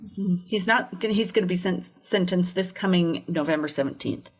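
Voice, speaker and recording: A woman's voice: fairly low pitch, brisk, breathy edge. A woman co-hosting a true crime podcast, telling a case in casual chat with blunt, sarcastic asides. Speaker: podcast co-host.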